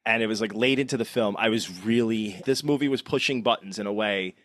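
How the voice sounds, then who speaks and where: A man's voice: lowish voice, a little fast, fairly bright tone, dry recording, studio quality. A man, a podcast co-host, chatting casually and telling a story with laughs. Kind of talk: casual chat.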